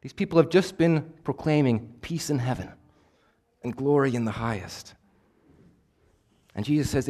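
A man preaching a sermon, swinging between emphatic, louder passages and hushed, quiet ones. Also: mid-range voice, normal speed, long pauses. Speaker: pastor.

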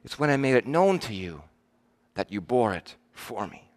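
A man preaching a sermon, earnest and emphatic, slowing down to stress the verses he quotes. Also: medium pitch, very animated.

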